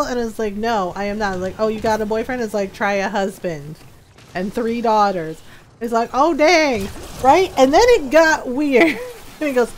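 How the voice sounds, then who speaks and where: Woman, middle-aged, game streamer, casual chat, frequent laughter, slightly high voice. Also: lively intonation, moderate pace. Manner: chatty, giggly, talks to chat while playing.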